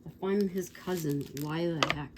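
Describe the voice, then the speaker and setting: A woman's voice: fairly low pitch, normal speed, heavy background noise. A woman in her sixties rambling through an old story for her vlog, with digressions and asides to viewers. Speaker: vlogger. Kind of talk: casual storytelling.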